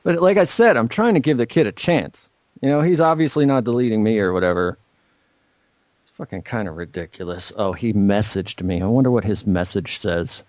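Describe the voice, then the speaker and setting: A man's voice: lowish voice, animated, a little fast, a little mellow, dry recording. A young man co-hosting a podcast, ranting and swearing constantly in a sarcastic, casual chat. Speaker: podcast co-host.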